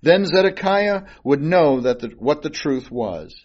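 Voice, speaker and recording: A man's voice: a little high, animated, measured pace. A man giving an informal Bible study sermon, reading old scripture aloud and then explaining it casually with fillers and restarts. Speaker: Bible teacher. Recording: dull lo-fi recording.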